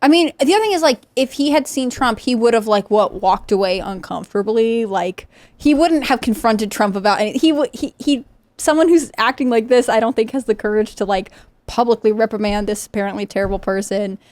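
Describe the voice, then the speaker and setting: A woman's voice: on the high side, brisk, darkish tone, no echo. A woman on a political talk show panel, speaking conversationally with a mildly sarcastic edge.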